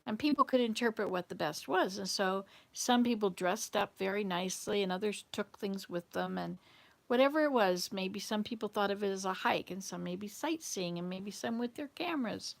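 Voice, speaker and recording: A woman's voice: mid-range voice, normal speed, gravelly. A woman from the Southern United States hosting, telling a story in a casual, rambling, digressive way. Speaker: host.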